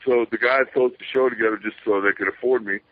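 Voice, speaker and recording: A man's voice: medium pitch, fairly even intonation, quick pace, a little hiss or hum. A man telling rambling stories as an interview guest, swearing casually and acting out voices he quotes. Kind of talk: rambling storytelling. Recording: tinny phone line.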